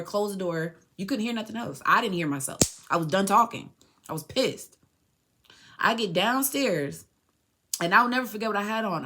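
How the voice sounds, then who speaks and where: A woman hosting a podcast and telling a personal story, animated and emphatic, often acting out what others said. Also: on the low side. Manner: emphatic, animated retelling with acted quotes. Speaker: podcast host.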